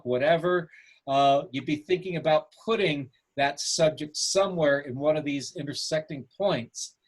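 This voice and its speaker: A man with a somewhat raised pitch teaches photo composition on a video call. He keeps putting questions to his class and praises their answers. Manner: asks the class questions, encouraging.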